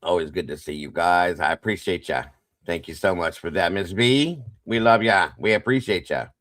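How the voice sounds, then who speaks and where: A man's voice: deep voice, normal speed, a bit bright, no echo, clean studio sound. A man hosting a casual livestream, greeting viewers one by one by name with playful sing-song asides. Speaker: livestream host.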